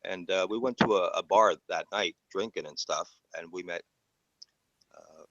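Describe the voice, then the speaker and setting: Deep-voiced laid-back Canadian man. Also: normal speed, a bit bright, no echo, highs cut off. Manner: laid-back storytelling, peppers lines with "eh" and "man". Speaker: panelist. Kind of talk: casual chat.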